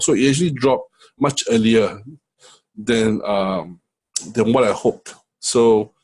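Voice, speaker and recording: A man's voice: mid-range voice, a little mellow, breathy edge, poor audio. A middle-aged man walking through trading charts in a casual lesson, checking in often with "right?". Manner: conversational, many fillers and "right?" checks. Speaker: forex trading coach. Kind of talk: screen-share trading lesson.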